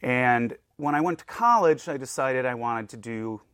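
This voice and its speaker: Relaxed, friendly museum director. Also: male voice, mid-range voice, normal speed, clean tone, dry recording, clean studio sound. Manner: relaxed, friendly, rambling with fillers. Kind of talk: interview answers. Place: museum collections hangar.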